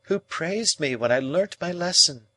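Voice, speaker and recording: A man reading an audiobook, voicing a proud, composed young woman who speaks in a calm, measured way. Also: on the high side, no echo, pitched above the performer's own voice, full character voice. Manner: calm, measured, coldly reasoning.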